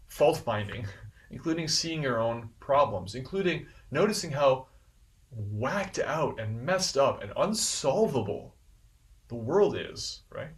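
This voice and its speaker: A man giving a devotional scripture class in an earnest, animated way, repeating phrases for emphasis. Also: medium pitch, far from the mic.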